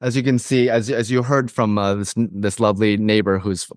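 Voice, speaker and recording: A man voicing a bumbling TV field reporter, halting and stammering. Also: fairly low pitch, flat delivery, dry recording, clean studio sound, lightly acted. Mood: earnest. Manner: halting, stammering with many uhs. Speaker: podcast co-host. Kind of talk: improvised comedy sketch.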